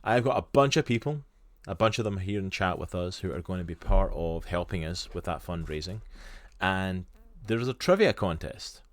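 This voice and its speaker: Deep-voiced Scottish man chatting on stream. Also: lively intonation, normal speed, hardly any pauses. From Scotland. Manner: chatty and enthusiastic, with lots of "literally" and "like". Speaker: stream co-host. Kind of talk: casual chat on a live stream.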